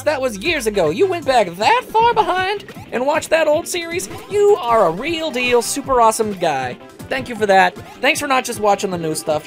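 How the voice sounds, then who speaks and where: A woman doing let's play commentary, ranting in an animated way, full of asides. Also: fairly high pitch. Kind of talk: gameplay commentary rant.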